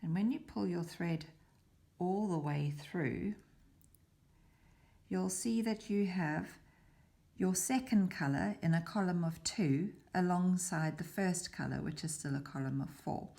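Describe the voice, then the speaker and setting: A woman's voice: lowish voice, unhurried, creaky, dark tone. A woman giving a patient, methodical beading demonstration, dropping to a whisper now and then as she works. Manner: patient, methodical, slipping into a whisper while concentrating. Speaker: beading tutor. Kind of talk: step-by-step craft demonstration.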